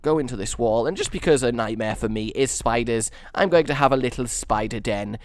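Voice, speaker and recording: A man's voice: mid-range voice, lively intonation, a little fast, no room sound. Man, gaming host, rambling, self-mocking, dry close mic. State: sore neck. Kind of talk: casual game commentary.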